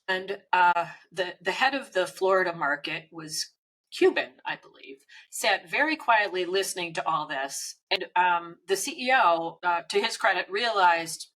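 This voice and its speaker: Woman podcast cohost, bright clear voice a bit on the low side, chatty storyteller, lots of ums. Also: animated, unhurried, rough recording. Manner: storytelling, chatty with frequent fillers. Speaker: podcast co-host. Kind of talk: conversational business podcast.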